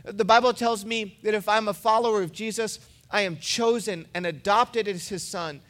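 A man's voice: high voice, fairly even intonation, moderate pace, fairly bright tone. A man and pastor giving a sermon, preaching in a casual, storytelling way.

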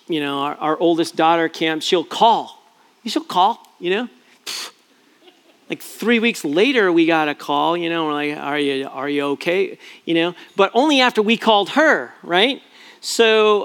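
A middle-aged pastor tells a family story from the pulpit in an easygoing, rambling way. His voice sits fairly high for a man. He keeps restarting his sentences and poking gentle fun at himself. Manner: chatty and self-deprecating, many fillers and restarts. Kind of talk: storytelling sermon.

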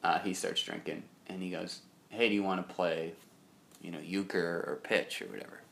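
A man's voice: sits low, fairly even intonation, moderate pace, vocal fry, a bit bright. A young man co-hosting a casual chat show, telling a long rambling anecdote. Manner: rambling anecdotal storyteller, quoting others in his own voice. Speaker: podcast co-host.

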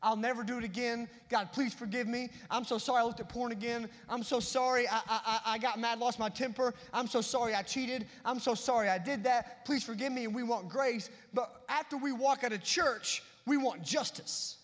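A man preaching with a high, bright voice that rings out in a long hall reverb. He moves between emphatic, loud passages and hushed asides, as a pastor delivering a sermon from a church sanctuary. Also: steady tone, normal speed, few pauses.

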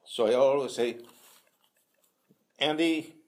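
An older man from Peru, a native Spanish speaker with a Peruvian Spanish accent, telling his life story in halting English with many restarts at a kitchen table. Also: lowish voice. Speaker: interviewee. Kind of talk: casual storytelling.

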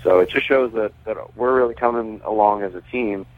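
Man, phone-in radio guest, lowish voice, tinny phone line, chatty, rambling storyteller. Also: fairly quick. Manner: chatty, self-correcting, laughs while talking. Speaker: guest, pitcher and race team owner. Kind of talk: phone interview, casual storytelling.

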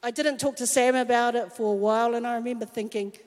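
A woman's voice: fairly high pitch, fairly even intonation, fast. A woman telling a candid, self-mocking personal story in a sermon. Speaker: speaker at a church talk. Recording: long hall reverb.

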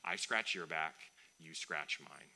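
Bright-voiced man preaching. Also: rumbling low, unhurried, gravelly. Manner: conversational, animated preaching with playful asides. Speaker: pastor. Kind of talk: sermon.

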